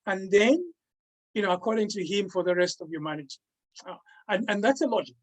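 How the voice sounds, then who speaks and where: A man presenting his own book in an academic talk over a video call, halting and repeating words as he restarts his sentences. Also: high voice, animated, poor audio.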